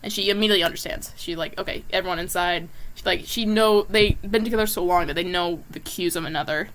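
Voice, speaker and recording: A female comic artist with a lowish voice talks fast as she draws on a live stream, chatting loosely with plenty of fillers and drifting into quiet asides. A bit of hiss or hum is audible.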